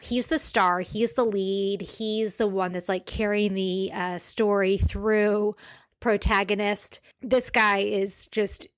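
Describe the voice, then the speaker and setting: A woman's voice: medium pitch, steady tone, slow, clear, resonant tone. A woman in her forties hosting a solo podcast, chatty and self-deprecating, with rambling asides. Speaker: podcast host. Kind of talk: casual solo podcast chat.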